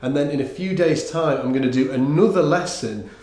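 Guy teaching bass, laid back and rambly, lots of ums, roomy echo. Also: fairly quick. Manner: relaxed, rambling, many fillers and restarts. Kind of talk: casual online music lesson. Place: room with instruments, bass played along.

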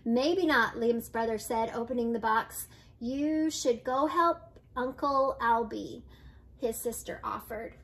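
High-voiced grandmother reading a storybook. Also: slow pace, a little hiss or hum. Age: older. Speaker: grandmother reading picture books aloud. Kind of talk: children's read-aloud.

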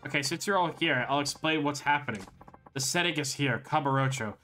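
A man's voice: on the high side, a little fast, sharp tone, a little hiss or hum. A man voicing a fussy, nervous male film director in a video game, explaining at length. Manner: explanatory, fussing.

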